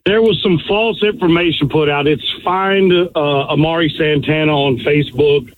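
A man's voice: on the high side, moderate pace, no room sound. A man calling in to a radio show, earnest and worried, often saying "man.". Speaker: caller. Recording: tinny phone line.

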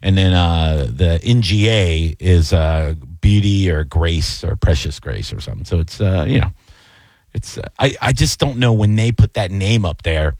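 A man co-hosting a casual chat, telling stories in a rambling, animated way with many fillers. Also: low voice, normal speed, no echo, clean studio sound. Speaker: co-host, comedian.

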